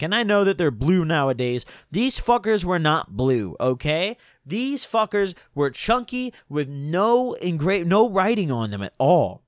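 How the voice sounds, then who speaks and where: A young man vlogger telling a story in an animated, profane, indignant way. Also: a little high, a little slow, few pauses, dry recording, studio quality. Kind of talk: storytime vlog.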